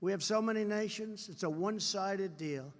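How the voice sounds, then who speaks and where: A man's voice: high voice, normal speed. Boastful older American man in a big hall. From United States. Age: 70s. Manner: repetitive, boastful, digressive asides to the crowd. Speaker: politician giving a speech. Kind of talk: public speech with off-script asides. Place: large convention hall, on stage. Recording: long reverb of a big hall.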